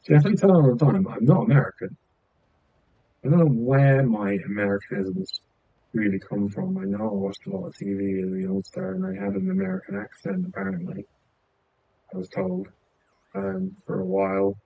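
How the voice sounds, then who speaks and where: Man, southern English accent, game streamer, meandering chatty talk, lots of ums, husky voice, lively pitch. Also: moderate pace, phone-quality sound. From England. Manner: meandering, chatty, many filler sounds. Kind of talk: rambling casual chat while gaming.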